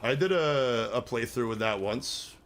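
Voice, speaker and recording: A man's voice: medium pitch, unhurried, a bit bright. Crude joking male game streamer. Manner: crude, joking, rambling banter. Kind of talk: live gameplay commentary.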